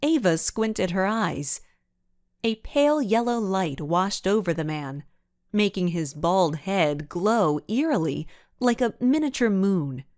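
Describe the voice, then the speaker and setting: A woman narrating a children's mystery audiobook in an expressive storytelling manner. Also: fairly low pitch, no room sound, studio quality. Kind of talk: scripted narration.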